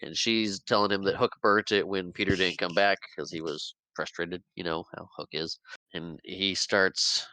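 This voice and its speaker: In a dry recording, a man whose voice sits low chats through a film's story for his podcast at normal speed. He brings the recap to life by performing quotes from the characters and laughs frequently.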